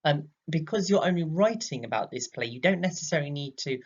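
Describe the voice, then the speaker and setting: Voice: mid-range voice, animated, fairly quick, breathy edge, dull audio. A drama teacher giving a recorded lesson, explaining patiently with many fillers and acting out examples.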